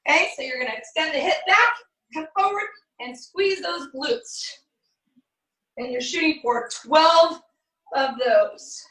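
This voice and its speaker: Bright, energetic woman fitness coach. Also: high-pitched, measured pace. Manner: energetic, counts and cues moves. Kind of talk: guided workout instructions. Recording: echoey room, distant from the mic.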